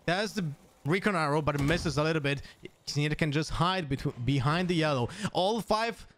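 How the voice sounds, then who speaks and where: A man with a non-native English accent doing live esports play-by-play, excitable and thinking aloud with restarts. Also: fairly high pitch, normal speed, slight background noise. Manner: excitable, jumps up to shouts on kills. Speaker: esports caster.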